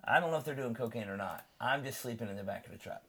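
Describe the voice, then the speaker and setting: A man hosting a podcast, telling a story in casual chat and acting out the quotes with lively energy. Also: medium pitch, fast, husky. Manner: animated storyteller who acts out quotes. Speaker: podcast host.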